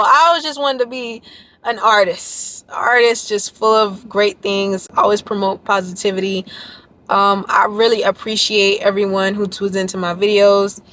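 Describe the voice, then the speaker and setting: A woman's voice: medium pitch, a bit bright, slight background noise. Young female YouTuber and dancer, chatty and heartfelt, casual vlog delivery. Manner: emotional, earnest and talkative, rambling with fillers. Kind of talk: casual vlog chat to viewers.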